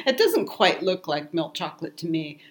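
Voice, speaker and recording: A woman co-hosting a podcast in casual chat, talking in a measured way, her voice a bit scratchy, trailing off into soft asides. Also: on the low side, sing-song. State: slightly scratchy voice from a cold or allergies. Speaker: podcast co-host.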